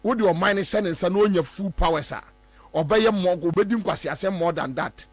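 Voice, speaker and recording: A man's voice: high-pitched, moderate pace, breathy edge, faint music behind. A Ghanaian man hosting a talk show, giving emphatic, repetitive political commentary and mocking others.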